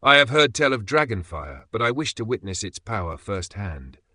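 A man's voice: lowish voice, sing-song, sharp tone, no echo, exaggerated voice. A man doing a sardonic veteran knight. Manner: dry, sarcastic, measured. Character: weary, sardonic veteran male knight, unflappable.

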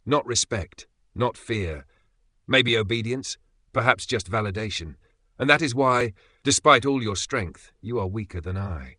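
A man voicing a weary, sardonic older knight who speaks in a dry, measured way. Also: on the low side, animated, bright, forceful tone, no room sound, exaggerated voice. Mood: steady lecturing. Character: weary, sardonic veteran male knight, unflappable.

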